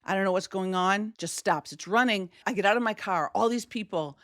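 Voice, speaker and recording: Animated woman telling a personal story. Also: mid-range voice, fairly quick, no room sound. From Wisconsin, USA. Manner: animated, acts out quoted voices.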